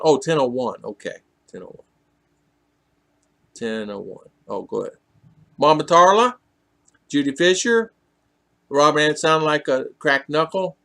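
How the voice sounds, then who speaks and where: A man's voice: mid-range voice, vocal fry, sharp tone. A man hosting a casual live stream, reading viewers' comments aloud and teasing them in a chatty way. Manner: teasing, chatty, laughs often.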